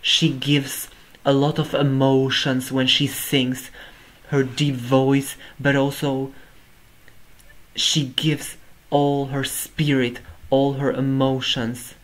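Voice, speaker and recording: Effusive man reacting, slow-talking. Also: medium pitch, level tone, low-quality recording. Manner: effusive, keeps exclaiming "oh my god". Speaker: music reaction host. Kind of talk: reaction commentary.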